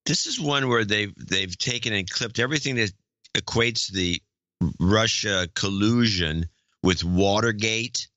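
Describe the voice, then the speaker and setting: A man's voice: lowish voice, measured pace, bright, forceful tone, dry recording, lo-fi sound. A man co-hosting a casual political chat show, blunt and plain-spoken. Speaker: podcast co-host.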